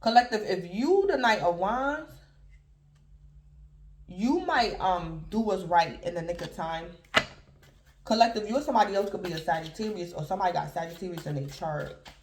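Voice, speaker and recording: A woman with a fairly low, slightly mellow voice and lively intonation speaks at a moderate pace. She's a tarot reader doing a casual reading for her viewers, talking loosely and repetitively and addressing the collective again and again.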